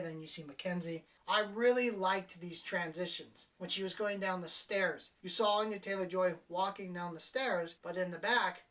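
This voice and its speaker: A woman's voice: on the low side, a bit bright, distant mic, poor audio. A woman giving a casual spoken movie review in a blunt, crude and sarcastic way. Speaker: film reviewer.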